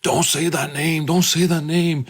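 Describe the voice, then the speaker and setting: Man putting on a high snarling demon. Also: level tone, a little slow, slightly rough. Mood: angry. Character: angry male demon possessing a man.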